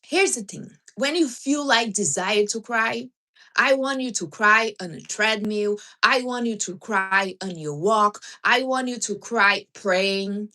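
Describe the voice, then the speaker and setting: Woman, livestream host, casual chat, blunt and teasing, mid pitch. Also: slow, pushed and bright. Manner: blunt, teasing advice with non-native grammar.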